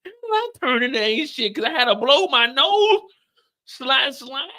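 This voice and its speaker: Man, very high voice, lively swoops, bright tone, casual stream chatter, comic exasperation, tired. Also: normal speed. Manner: animated, exaggerated comic exasperation; profane, repetitive storytelling. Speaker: show recap streamer. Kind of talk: casual live-stream chat.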